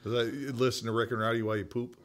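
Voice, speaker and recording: A man's voice: mid-range voice, little pitch movement, very fast, fairly bright tone. A man co-hosting a casual comedy podcast, bantering in a laid-back, crude way. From northern US. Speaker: podcast co-host.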